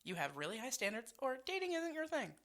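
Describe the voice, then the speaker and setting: Lively, bright-voiced woman podcast host. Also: high voice, fairly quick. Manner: laughing, swearing, reading out quiz options. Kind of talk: casual chat.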